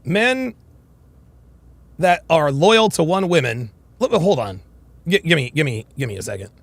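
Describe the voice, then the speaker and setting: A man's voice: on the high side, sing-song, a little slow, dry recording. A man giving blunt, crude, ranting reaction commentary.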